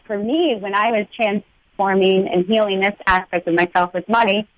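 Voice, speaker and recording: A woman's voice: medium pitch, moderate pace, no room sound, dull audio. A woman guest on a talk show speaks earnestly and in an uplifting tone about spirituality, with some fillers.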